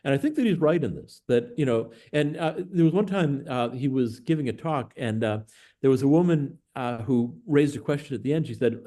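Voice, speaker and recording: A man's voice: mid-range voice, a little fast, dark tone. A man with an American accent, a professor guest on a podcast, telling stories thoughtfully with many filler sounds. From United States. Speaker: guest, professor of Buddhist studies. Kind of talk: conversational storytelling.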